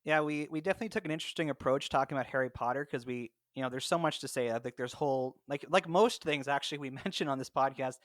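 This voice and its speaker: A man's voice: mid-range voice, fast talker, hardly any pauses, fairly bright tone, slight background noise. A man hosting a podcast in casual chat, upbeat and laughing easily, recorded remotely. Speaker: podcast host. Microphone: remote call mic.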